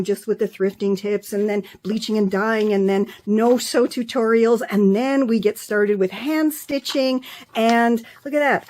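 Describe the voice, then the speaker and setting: A woman with a voice pitched somewhat above most women's, talking through her projects in a relaxed show-and-tell vlog. She gushes with pride and piles on effusive praise as she goes. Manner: gushing, effusive, proud. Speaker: craft author and vlogger.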